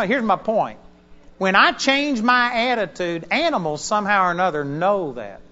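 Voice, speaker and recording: High-voiced man preaching a story. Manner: animated storytelling, chuckling. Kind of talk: sermon with personal story. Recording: dull lo-fi sound with hall reverb.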